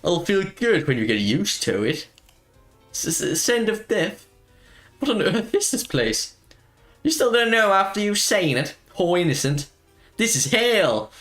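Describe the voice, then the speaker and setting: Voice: medium pitch, sing-song, measured pace, fairly bright tone, roomy sound, soft background music, pitched above the performer's own voice. A player doing a swaggering cowboy wolf matriarch. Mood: ominous. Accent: put-on American. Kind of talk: reading game dialogue aloud.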